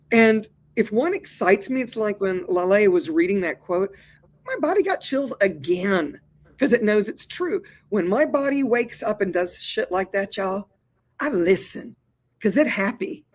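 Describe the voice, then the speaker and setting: A woman in her sixties, an actor and therapist, talking as a guest in an interview in an animated, colloquial way, calling listeners "y'all". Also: medium pitch. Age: 60s. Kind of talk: lively interview conversation.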